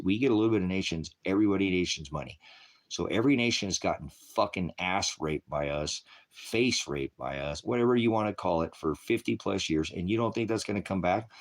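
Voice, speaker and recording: A man ranting angrily on a live stream, swearing heavily and preaching to his viewers as brothers and sisters. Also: deep voice. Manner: profane, heated, scolding. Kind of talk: angry live-stream rant.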